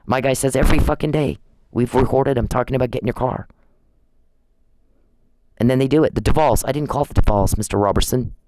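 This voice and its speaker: A man's voice: mid-range voice, a little fast, long pauses, a little mellow, no echo, poor audio. A man in an angry, confrontational rant at home, accusing and taunting someone with repeated challenges.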